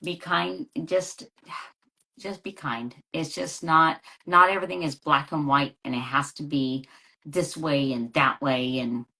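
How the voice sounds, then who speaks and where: A middle-aged woman speaking as an interview guest in a relaxed, conversational way. She is earnest and keeps repeating her main points to stress them. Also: low-pitched, slow pace.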